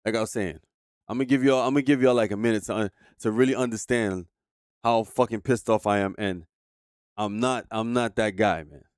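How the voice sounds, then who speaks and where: A male streamer talks straight to his chat in a heated, profane rant. His voice sits low. The sound is dry and close, with no room around it. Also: fairly even intonation, moderate pace, clean tone, dry recording. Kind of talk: casual livestream commentary.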